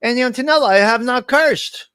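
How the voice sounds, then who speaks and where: A man's voice: very high-pitched, moderate pace, pushed and bright, clear, resonant tone, no room sound, studio quality. A man hosting a casual live stream, joking loosely and calling out his chat viewers by name. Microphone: desk microphone.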